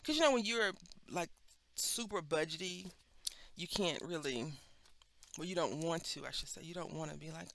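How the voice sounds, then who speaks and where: A woman's voice: low voice, moderate pace, creaky. Chatty Texan woman crafting. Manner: chatty, rambling, animated asides. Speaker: craft vlogger. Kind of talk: casual chat while stamping.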